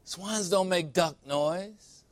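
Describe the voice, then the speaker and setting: Taking his time, a high-voiced male pastor delivers a sermon in a church sanctuary. Between points he tosses playful asides to the congregation and calls for amens, call-and-response fashion.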